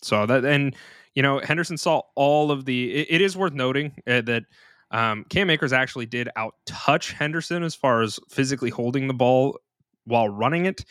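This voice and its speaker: A man with a bright, forceful voice hosts a casual podcast. His pitch sits in a middle range, and he talks in a chatty, informal way. The sound is dry and close. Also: normal speed, no echo. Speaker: podcast host.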